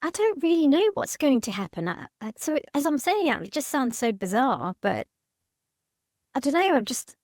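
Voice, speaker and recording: A woman in counselling, speaking hesitantly and haltingly about her fears, with frequent restarts. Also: sits high, sing-song, a little mellow, no echo, studio quality. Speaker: mother seeking counselling. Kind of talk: emotional counselling conversation.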